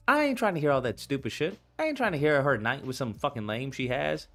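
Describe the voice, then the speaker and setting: A man's voice: fairly high pitch, moderate pace, faint music behind. A man giving casual, profane commentary on video clips, acting out the people he quotes. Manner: animated, profane, acts out quoted voices.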